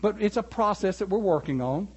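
A man preaching a sermon, animated and building to emphatic peaks. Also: high voice, brisk, slightly rough.

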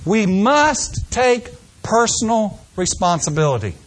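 A man's voice: sits high, very animated, slow. An older man preaching a folksy sermon, acting out people's excuses in mock voices.

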